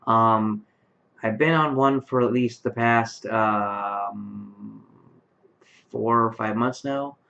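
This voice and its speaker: Slow and forceful, a tired vlogger in his late twenties speaks in a low, gravelly yet bright voice to camera from his bedroom late at night. His casual talk rambles with many fillers and restarts, picked up by a webcam microphone with a dull lo-fi quality.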